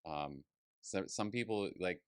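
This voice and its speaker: Man, very low pitch, podcast host, relaxed, agreeable, dry. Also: a little slow, smooth, no echo. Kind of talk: casual chat.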